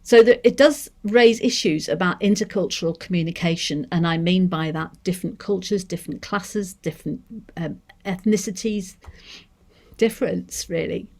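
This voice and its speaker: A woman with a Manchester accent giving a seminar talk on deaf education, measured and thoughtful, pausing to rephrase. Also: lowish voice, a little mellow. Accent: English, Manchester. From Manchester, England. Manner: measured, thoughtful, with restarts and hedges.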